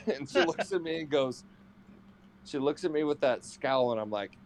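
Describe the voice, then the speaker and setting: A man's voice: on the high side, expressive, moderate pace, a little hiss or hum. A man chatting casually, telling wry, sarcastic anecdotes about his girlfriend. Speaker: streamer's boyfriend. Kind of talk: casual storytelling chat.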